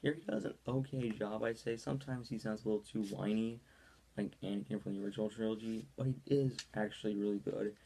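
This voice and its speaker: Casual, rambling video review from a low, gravelly young man. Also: fast talker, warm tone, slight background noise. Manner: rambling, with many ums and likes. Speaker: movie reviewer.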